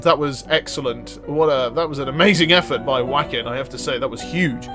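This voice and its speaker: A young man giving excitable gameplay commentary, laughing and exclaiming as he plays. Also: on the high side, moderate pace. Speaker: gaming video host. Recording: game music playing loudly under voice. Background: game music.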